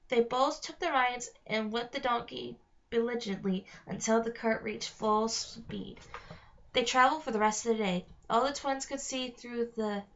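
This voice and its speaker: A woman reading a children's novel aloud, careful and steady, with small slips. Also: on the high side, dull audio. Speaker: reader. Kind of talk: read-aloud narration.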